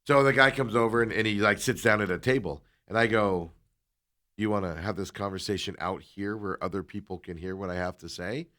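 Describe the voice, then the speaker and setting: A man on a talk show, casually telling a long story and animatedly acting out the people in it, sometimes dropping into quiet asides. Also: fairly low pitch, a little fast. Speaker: co-host.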